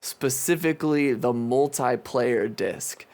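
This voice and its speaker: A man's voice: medium pitch, takes it slowly, a little mellow. A man in his twenties, a podcast co-host, chatting casually in a loose, rambling way with frequent swearing. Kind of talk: casual chat.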